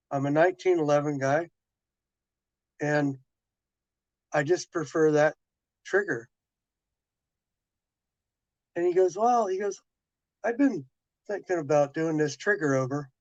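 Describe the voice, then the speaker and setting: A man's voice: on the high side, dry recording. A man casually chatting with viewers on a live stream, telling a rambling story full of restarts and quoted dialogue. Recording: dull lo-fi dry sound.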